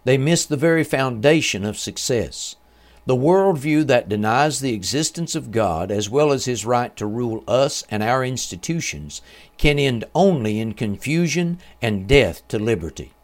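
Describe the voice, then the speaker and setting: Solemn male religious radio narrator. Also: medium pitch. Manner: measured, solemn reading. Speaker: radio program host.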